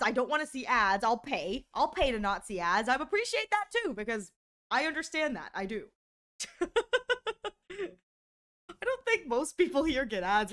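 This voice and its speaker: A woman streamer chatting casually on a live stream, excitable and laughing often, gushing thanks and shrieking in mock horror. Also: fairly high pitch.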